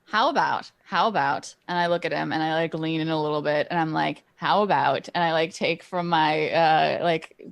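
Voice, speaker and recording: A woman's voice: low-pitched, flat delivery, a little fast, vocal fry, smooth. A woman playing a tabletop role-playing game, playful and often laughing. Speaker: player.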